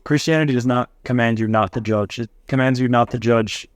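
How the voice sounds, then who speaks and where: A man's voice: medium pitch, fairly quick, clean tone, dry recording, studio quality. A man adding his view in casual chat, earnest and explanatory with fillers.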